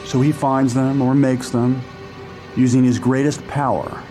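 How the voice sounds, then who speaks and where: A man plays a grave film voice laying out dark rules. His pitch is middling and his delivery is measured, with loud music behind him. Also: level tone, lightly acted. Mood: ominous.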